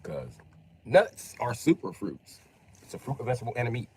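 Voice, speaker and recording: A man's voice: medium pitch, big pitch swings, fairly quick, a little mellow, slightly rough. A young man streaming a game, rambling and joking with plenty of profanity. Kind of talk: casual gaming livestream chat.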